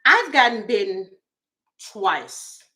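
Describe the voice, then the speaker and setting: A woman's voice: mid-range voice, big pitch swings, takes it slowly, pushed and bright. A woman, giving goofy, chatty celebrity gossip commentary as a tarot reader and calling her viewers y'all.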